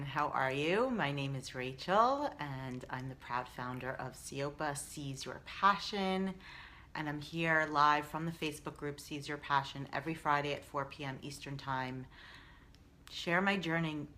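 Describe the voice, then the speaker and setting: A woman's voice: deep voice, pushed and bright, slight background noise. An American woman hosting a live stream, talking earnestly and rambling with many ums and restarts. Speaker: live stream host, founder. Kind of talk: casual live stream talk.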